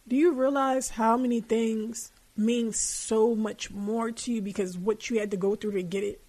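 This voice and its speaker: A woman's voice: fairly high pitch, fairly even intonation, normal speed, mellow. A young woman hosting a podcast, giving casual, candid advice with plenty of swearing and colloquial speech. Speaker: podcast host.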